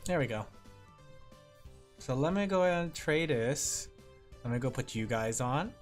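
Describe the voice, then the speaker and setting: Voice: medium pitch, expressive, measured pace. Chatty streamer rambling to chat. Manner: chatty, rambling, laughs often, talks to chat. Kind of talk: casual livestream chat while drawing. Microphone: streaming microphone with headphones. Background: faint music.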